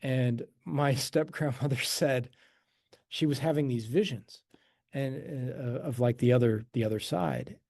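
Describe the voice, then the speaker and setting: Mellow-voiced man giving a casual talk. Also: mid-range voice, measured pace, vocal fry, dry recording, studio quality. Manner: loose and conversational, frequent restarts and asides, chuckles. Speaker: host and teacher of a letting-go method. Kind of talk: informal talk to an online audience.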